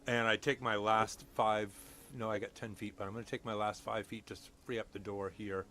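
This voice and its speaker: A man playing a tabletop game, describing his moves in an animated way and swearing as he goes. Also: on the low side, fairly quick. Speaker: player.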